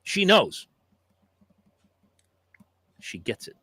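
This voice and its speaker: Extremely slow, bright, and forceful, a middle-aged man's voice carries his podcast's casual chat on a dry recording. As host, he spins stories full of profanity and acted-out quotes.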